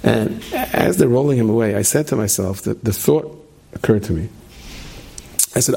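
A man gives a storytelling sermon in a dark, gravelly voice with a husky grain. He stumbles over repeated words and slips in dry humorous asides. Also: mid-range voice, moderate pace, long pauses. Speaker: speaker giving a religious talk. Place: stage with plexiglass screen.

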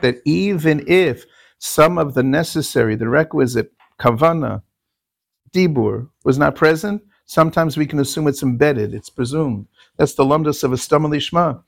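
A man's voice: a little high, gravelly, no echo, clean studio sound. A man teaching a Talmudic lecture, repeating key terms and asking rhetorical questions. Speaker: Torah teacher.

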